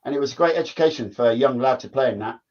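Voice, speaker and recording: Bloke rambling thru old football stories, "like i say" every other line, kinda dull lo-fi audio. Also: male voice, mid-range voice, rapid-fire, a little mellow. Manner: rambling, repeats "like I say". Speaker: former footballer guest. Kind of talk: casual chat, storytelling. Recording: dull lo-fi sound.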